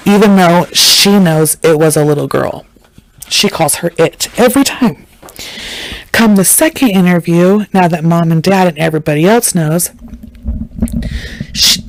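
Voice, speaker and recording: A woman's voice: a little mellow, dry recording, rough recording. A woman, hosting a podcast, retelling a true-crime case in casual, blunt storytelling and acting out the people she quotes. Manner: chatty, acts out quotes with shifting pitch; blunt and irreverent. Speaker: podcast host.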